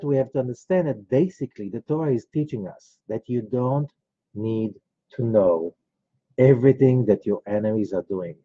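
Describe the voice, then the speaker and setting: A man with a lowish, slightly breathy voice, a rabbi, teaches a class in an informal lecture style, rambling through personal stories with frequent asides. The recording is dull and lo-fi, with no echo.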